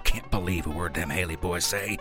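A man's voice: low voice, fairly quick, music in the background. A man reading a first-person story aloud in a folksy, drawling rural dialect. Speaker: narrator.

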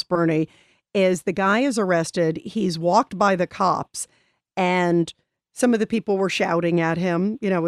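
A woman's voice: mid-range voice, no room sound, clean studio sound. A woman hosting a talk show, speaking in an indignant, conversational way. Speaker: host.

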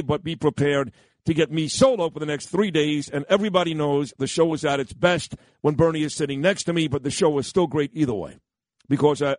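A man's voice: a little high, no room sound. A man hosting a morning radio show, brash, rambling and self-mocking as he runs through the lineup. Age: 50s. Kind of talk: morning talk radio banter. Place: radio studio. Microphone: close studio mic.

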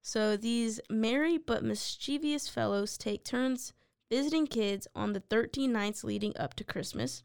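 A woman's voice: on the high side, lively intonation, a little slow, vocal fry, darkish tone, clean tone, dry recording. A woman co-hosting a podcast, reading facts from notes and answering with dry, blunt quips. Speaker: podcast co-host. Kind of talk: casual chat, reading notes.

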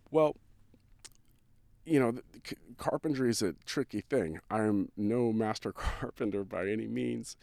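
A man's voice: sits low, darkish tone, no echo. A man from California, a songwriter, telling a personal story in a casual, earnest, rambling way with many fillers and restarts. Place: van on a town street.

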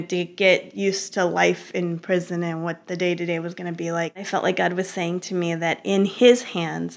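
A woman's voice: on the low side, creaky. Chatty woman recounting with frequent laughs. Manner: animated storyteller, laughs often, many fillers and restarts. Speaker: interview guest. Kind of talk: conversational personal testimony.

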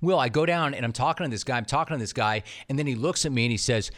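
A man's voice: mid-range voice, racing, few pauses, fairly bright tone, no echo, clean studio sound. Enthusiastic male podcast host. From San Fernando Valley. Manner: enthusiastic, self-deprecating storyteller. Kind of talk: casual interview conversation.

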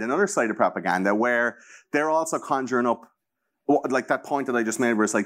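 An Irish man in his thirties hosting a casual chat. He rambles on with plenty of swearing and easy profanity. He stays loose and animated throughout. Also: medium pitch, quick pace.

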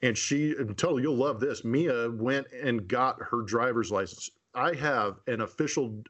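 Man in his forties, podcast co-host, mid-pitched, earnest and plain-spoken. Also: a little slow, a bit bright. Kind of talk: casual podcast chat.

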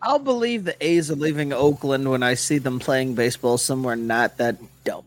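A man's voice: medium pitch, moderate pace. A man in a casual sports chat, joking and teasing the others.

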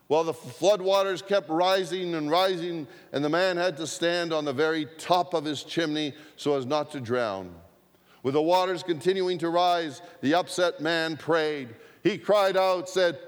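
A man preaching a sermon, telling a story slowly and deliberately with repetition for emphasis. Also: a little high. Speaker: pastor. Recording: long hall reverb.

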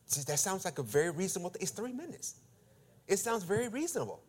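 Animated storytelling preacher man. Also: sits high, fast talker, breathy edge. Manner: animated, acts out dialogue, swings loud and quiet. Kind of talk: storytelling sermon.

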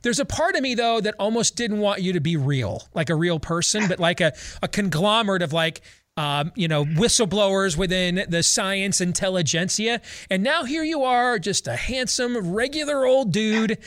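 Man, talk radio host, sardonic, fairly high voice, dry studio sound. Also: expressive, a bit bright, no echo. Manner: quick, sardonic, joking delivery. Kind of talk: political talk radio hosting.

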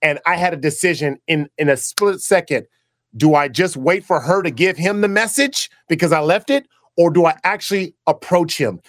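A man with a slightly high voice tells stories in a casual interview, acting out the lines of the people he quotes and restarting his sentences. He is a former pro football player turned broadcaster. His voice sounds dry and close. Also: normal speed, no echo. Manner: animated storyteller who acts out quoted dialogue, with frequent restarts.

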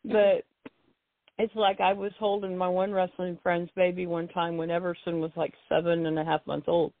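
A woman's voice: lowish voice, little pitch movement, normal speed. An older woman chatting casually about her time among wrestling fans, rambling and repeating herself. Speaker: guest, wrestling fan. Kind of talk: casual phone chat. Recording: tinny dry phone line.

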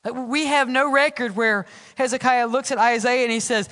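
A man preaching a sermon as pastor, swinging from loud exclamations to hushed, quiet lines. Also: extremely high pitch, fairly even intonation, normal speed, few pauses. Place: church sanctuary. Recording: church hall reverb.

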